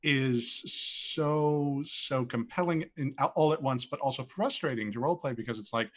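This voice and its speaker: A man's voice: medium pitch, normal speed. A man player reflecting casually on his character, thinking aloud and swearing now and then. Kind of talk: casual discussion.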